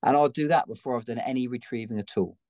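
A man's voice: mid-range voice, quick pace, dark tone, no echo. An Englishman who trains gun dogs, a guest in a conversational interview, explaining his methods emphatically. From England.

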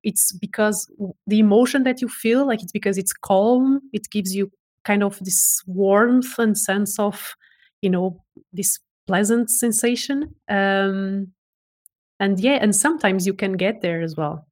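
A woman's voice: mid-range voice, a little slow, darkish tone. A woman guest speaking as a voice expert in a casual interview, enthusiastic and given to restarts and repeated words.

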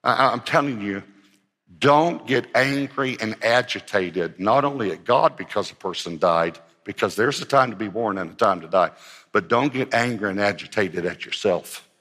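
Man, pastor, earnest emphatic sermon, bright forceful voice, reverberant hall. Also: fairly low pitch, moderate pace. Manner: earnest, emphatic preaching with repeated phrases.

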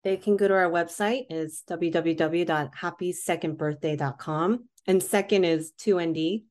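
A woman's voice: fairly low pitch, moderate pace, a little mellow. A woman guest who founded a skincare company, explaining her program in an earnest, plain way. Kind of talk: interview answers.

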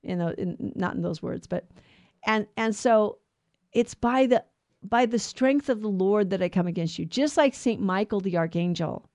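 A woman hosting a radio Bible show, teaching on scripture in an earnest, emphatic way with quick restarts. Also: medium pitch, darkish tone, dry recording.

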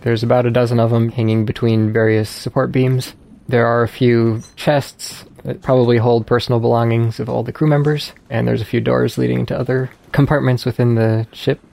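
Gravelly-voiced man narrating as game master. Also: medium pitch, fairly quick. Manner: descriptive, relaxed narration.

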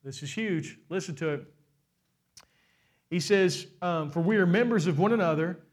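High-pitched man preaching a sermon. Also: moderate pace. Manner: preaching, building to shouts, asks the congregation questions. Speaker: pastor.

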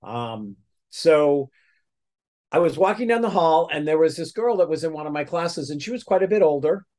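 A man's voice: a little high, lively intonation, moderate pace, a little mellow. Man rambling through a story. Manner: rambling, with many restarts and fillers. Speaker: guest. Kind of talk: casual storytelling interview.

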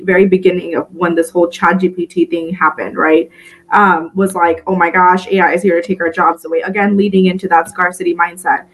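A woman's voice: medium pitch, poor audio. A woman who founded a recruiting company, speaking as a podcast guest in a fluent, advisory way that is full of "you know" and "right?". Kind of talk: casual interview chat.

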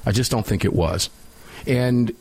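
A man's voice: medium pitch, a little slow, darkish tone, husky. A man hosting a talk radio show, opinionated and sarcastic, chatting casually with a co-host. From United States. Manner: opinionated, sarcastic, laughs while mocking.

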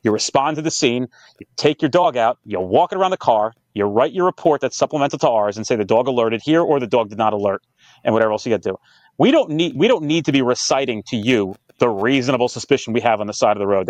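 Fast-talking profane man telling stories. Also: mid-range voice, no echo. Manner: profane, animated storytelling with quoted dialogue. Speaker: police training company founder, guest. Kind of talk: casual podcast interview.

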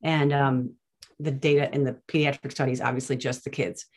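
A woman, a nurse and guest on an interview, telling stories in an animated, chatty way with many restarts. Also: rumbling low, a little fast, slightly rough. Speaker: nurse and plant-based diet advocate, guest. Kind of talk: casual interview storytelling.

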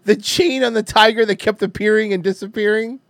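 A man's voice: high-pitched, fairly even intonation, fairly quick, creaky, dry recording, studio quality. A man co-hosting a podcast in casual chat, rambling, swearing freely and laughing often. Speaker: podcast co-host.

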